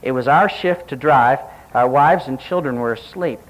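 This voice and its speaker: A man preaching a sermon, telling a story in an animated way and acting out the voices he quotes. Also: moderate pace, rough recording. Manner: animated, acts out quoted voices with sharp pitch jumps.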